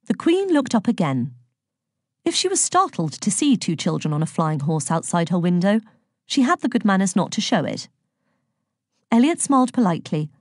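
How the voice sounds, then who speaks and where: A woman's voice: mid-range voice, a little mellow, dry recording, clean studio sound. A woman narrating a children's storybook aloud, reading expressively and giving each character a voice. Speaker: audiobook narrator.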